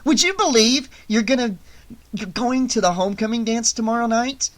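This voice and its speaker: A reader voicing a crude, teasing teenage girl in an audiobook, loud and shrill in quick bursts. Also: close to an everyday voice. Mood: gossipy. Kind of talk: audiobook character voice.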